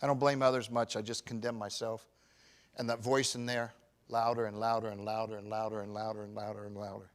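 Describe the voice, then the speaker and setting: A pastor in his fifties preaching a sermon, swinging from shouted emphasis to quiet, personal confession. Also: fairly low pitch, flat delivery, fairly quick. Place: church.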